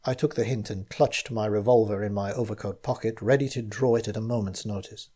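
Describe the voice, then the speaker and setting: A man reading his own gothic mystery story aloud, in measured first-person narration. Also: on the low side, steady tone, mellow, husky.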